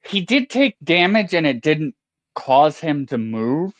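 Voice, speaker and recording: A man playing a tabletop game, reasoning aloud in a deliberate way. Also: on the high side, very animated, fairly bright tone, no room sound, dull audio. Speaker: player.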